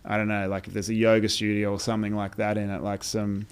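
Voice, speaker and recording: An Australian man, a brand founder, telling stories in a relaxed interview chat with many fillers and restarts. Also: on the low side, fast, clear, resonant tone. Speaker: brand founder, podcast guest.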